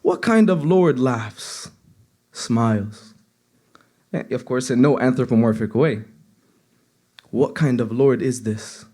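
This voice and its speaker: A man's voice: medium pitch, darkish tone. Earnest young man giving a sermon. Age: young adult. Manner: earnest, conversational, with frequent restarts. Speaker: seminary student giving a reminder. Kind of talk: informal sermon.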